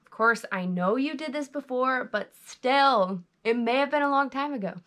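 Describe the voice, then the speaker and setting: A woman's voice: high voice, animated, moderate pace, fairly bright tone. A young woman giving chatty, bubbly interview tips to her viewers, recorded on a GoPro camera. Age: young adult. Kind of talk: casual tips vlog.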